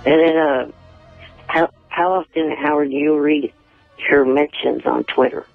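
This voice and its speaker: A man calling into a radio show, talking in a halting, earnest way and repeating his words. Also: fairly high pitch, fairly even intonation, gravelly, soft background music. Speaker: regular phone caller. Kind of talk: casual call-in chat. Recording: tinny phone line.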